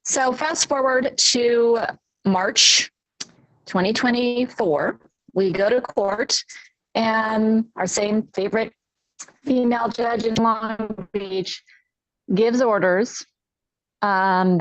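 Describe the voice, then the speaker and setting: A woman's voice: medium pitch, dry recording. A middle-aged woman telling her own story as a panel guest, earnest and distressed as she recounts details. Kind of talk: personal account on a podcast panel. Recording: dull lo-fi dry sound.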